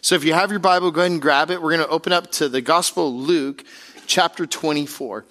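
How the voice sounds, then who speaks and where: A man preaching a sermon as pastor at a church service, in an energetic, joking, conversational way. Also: a little high, fast.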